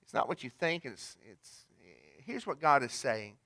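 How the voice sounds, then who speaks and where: A man preaching a sermon in a conversational way, swinging from loud emphasis to hushed asides and talking directly to the congregation. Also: mid-range voice, very animated, a little slow. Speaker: pastor.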